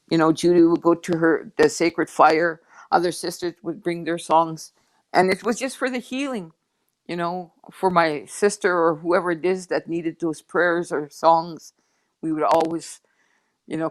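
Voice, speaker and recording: A woman guest speaking slowly and softly over a video call, emotional and near tears as she reflects between pauses. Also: on the low side. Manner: slow, soft and reflective, with pauses. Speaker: guest drum singer. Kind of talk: heartfelt testimony on an online panel.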